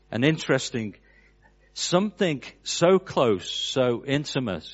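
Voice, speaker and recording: A man preaching a sermon, telling a story with an earnest cadence that drops away at the ends of phrases. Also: lowish voice. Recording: dull lo-fi recording.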